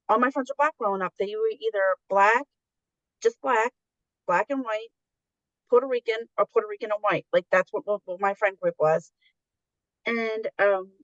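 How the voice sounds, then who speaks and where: A woman's voice: medium pitch, fairly bright tone, no room sound, lo-fi sound. A middle-aged woman telling stories candidly in a casual conversation, acting out the voices of the people she quotes. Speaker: guest.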